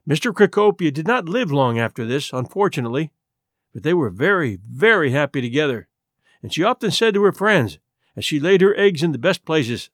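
A man hosting a podcast, reading a classic story aloud in an expressive, gentle storybook narration through a close mic. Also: a little high, brisk, no room sound.

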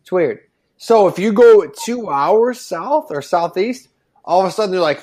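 A man's voice: high-pitched, expressive, unhurried, a little mellow. A man from northwest Indiana chatting on a podcast, rambling and slangy, acting out little back-and-forth dialogues as he tells a story. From northwest Indiana, near Chicago. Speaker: podcast co-host. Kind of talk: casual podcast chat.

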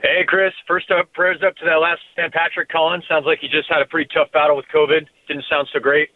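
A man calling in over a tinny phone line, casual and friendly. He talks quickly with loose filler words, and his voice sits a bit high. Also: level tone. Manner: casual, laid-back, lots of "you know". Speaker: caller.

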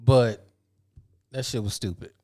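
A man's voice: medium pitch, unhurried, a little mellow, slight background noise. Blunt, profane man in podcast chat. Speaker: podcast co-host.

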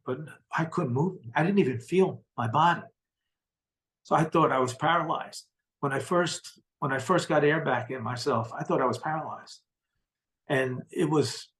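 A man's voice: medium pitch, fairly bright tone, low-quality recording. A middle-aged man, a guest in an interview, recounting a personal experience in an earnest, heartfelt way and often repeating words for emphasis. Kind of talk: personal storytelling in conversation.

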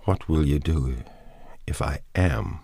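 A man's voice: a bass voice, takes it slowly, a little mellow, slightly rough, dry recording, studio quality, exaggerated voice. A man reading the lines of a frightened young woman in a storybook reading, her voice shaky and pleading.

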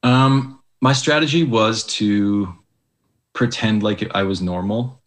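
A man's voice: fairly low pitch, takes it slowly. A young man, an Olympic ski jumper, talking casually as an interview guest, hesitant with many likes and restarts.

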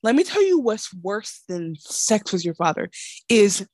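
Animated woman recapping a show, dry sound. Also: mid-range voice, unhurried, dry recording. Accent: African American English. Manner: animated, acts out characters in exaggerated voices. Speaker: podcast co-host. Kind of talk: casual recap chat.

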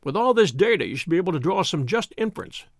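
A man plays a cool-headed detective who speaks quietly, dryly and precisely. The voice is gravelly with lively shifts in pitch, heard up close in a dry recording. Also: quick pace, no echo.

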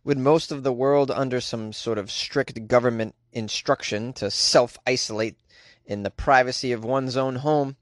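A man's voice: mid-range voice, steady tone, moderate pace, no room sound, clean studio sound. A man hosting a daily comedy news podcast, reading odd stories with wry, jokey asides. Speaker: podcast host.

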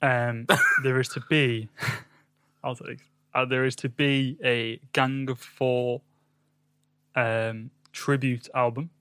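A man's voice: medium pitch, level tone, slow pace, bright, forceful tone, clear, resonant tone, no echo. Guy rambling on a music podcast, lots of ums, dry close sound. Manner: rambling, hesitant with many ums. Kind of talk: casual chat.

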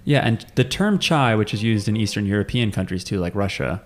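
A man's voice: fairly low pitch, animated, a little fast, faint music behind. A man, co-hosting a casual chat podcast, recapping an anime episode with many ums and restarts.

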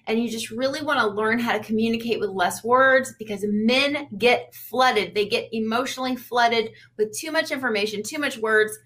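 A woman's voice: on the high side, moderate pace, few pauses, a bit bright. A woman dating coach giving chatty, upbeat advice on a livestream, repeating points for emphasis.

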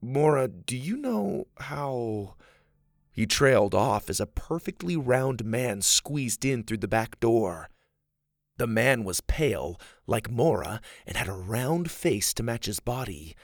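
A man narrating an audiobook in an expressive, unhurried way. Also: on the low side, no echo, studio quality.

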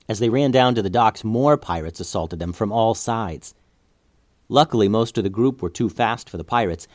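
A man's voice: medium pitch, darkish tone, no echo, clean studio sound. A man narrating an adventure story aloud, building tension through the action scenes.

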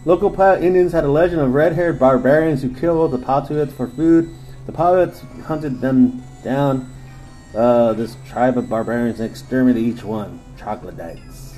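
A man's voice: mid-range voice, normal speed, warm tone, soft background music, poor audio. A man co-hosting a casual podcast, reading monster legends aloud in a crude, joking way and laughing often. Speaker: podcast co-host.

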